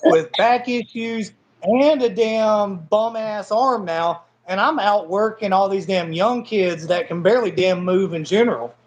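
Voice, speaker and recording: A man's voice: sits high, unhurried, hardly any pauses, muffled recording, a little hiss or hum. A blunt, profane man in his forties with a Southern American accent, chatting casually as an interview guest and laughing often. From Southern United States. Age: 40s. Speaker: guest wrestler. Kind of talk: casual chat.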